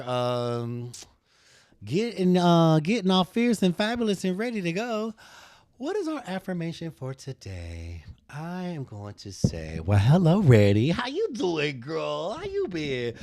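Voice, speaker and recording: A man's voice: smooth, dry recording. A man hosting a live design tutorial stream. He chats with viewers in playful, sassy banter and calls them honey and girl. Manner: lively, swoops high when joking.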